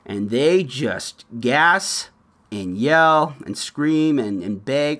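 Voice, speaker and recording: Man, podcast host, opinionated commentary, lively pitch, laughs mid-sentence. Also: drawn-out words.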